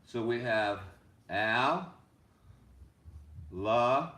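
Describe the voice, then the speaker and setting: A man teaching a rhythm lesson as a music teacher, chanting rhythm syllables over and over in a steady beat. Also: mid-range voice, very slow. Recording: echoey room.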